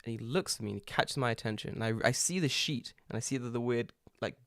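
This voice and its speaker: A man's voice: mid-range voice, fast, no echo, clean studio sound. A man from England, co-hosting a podcast and telling stories in casual chat, swearing freely and laughing often. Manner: profane, animated storytelling with frequent laughter. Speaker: podcast co-host.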